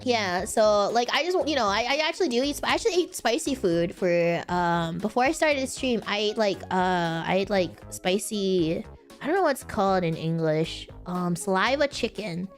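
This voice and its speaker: A young woman streamer answering viewer questions in a casual, rambling chat, often breaking into high giggles. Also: expressive, normal speed, soft background music. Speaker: virtual streamer.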